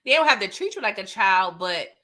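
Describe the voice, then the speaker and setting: A woman's voice: mid-range voice, very animated, brisk, pushed and bright. A woman hosting a casual TV recap, chatting playfully with viewers and acting out characters' lines. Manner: chats with live viewers. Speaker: TV recap host. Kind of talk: casual recap and review chat.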